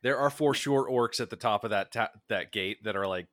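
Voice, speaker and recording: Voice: medium pitch, moderate pace, a bit bright, no echo. A podcast guest chatting casually and acting out jokey voices for onlookers. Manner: jokey, acts out silly voices for bystanders.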